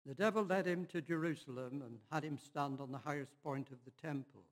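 A man giving a measured, unhurried Bible reading in church. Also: a little high, long reverb tail. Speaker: scripture reader.

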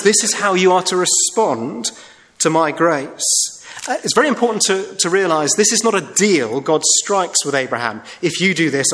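A man preaching a sermon in a church, earnest and emphatic, slowing down to stress key phrases. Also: fairly high pitch, a bit bright. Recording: reverberant hall.

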